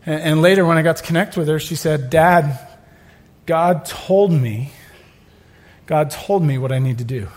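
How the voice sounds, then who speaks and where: A middle-aged male pastor preaching a sermon, telling stories with joking asides and building to loud exclamations. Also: fairly high pitch, moderate pace, pauses often.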